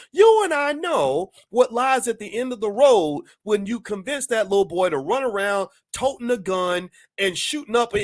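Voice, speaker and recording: A man's voice: sits high, no room sound, clean studio sound. A man hosting his own channel, delivering an impassioned opinion monologue full of emphatic rhetorical questions. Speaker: channel host.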